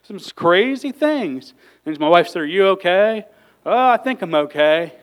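Lay preacher, man, heartfelt and excitable; resonant, clean voice pitched a bit high. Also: moderate pace, smooth, poor audio. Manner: fervent, gets worked up, sighs and exclaims between points. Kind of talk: emotional sermon.

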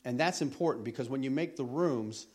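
A man's voice: mid-range voice, fairly quick, darkish tone, slightly rough. A middle-aged man giving a conversational sermon in a folksy, rambling way, often repeating words as he talks. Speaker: lay preacher.

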